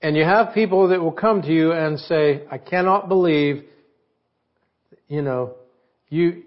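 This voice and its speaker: Man, pastor preaching, talks with the congregation, slow delivery, muffled lo-fi sound. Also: on the high side. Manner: conversational preaching with questions to the congregation. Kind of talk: sermon.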